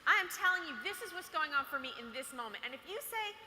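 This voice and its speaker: Bright, chatty woman speaking in an echoey hall. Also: high voice, animated, fast, a little hiss or hum. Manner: chatty and playful, acts out girls' lines. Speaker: workshop speaker for girls. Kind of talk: motivational talk to a live audience. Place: large hall. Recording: echoey hall with long reverb.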